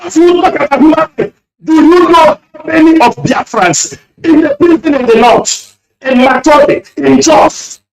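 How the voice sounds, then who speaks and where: A man calling in to a radio show, speaking emotionally in rapid-fire accusations and shouting at times. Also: very high voice, vocal fry. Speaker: caller. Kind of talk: impassioned radio call-in speech. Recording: echoey and distant line.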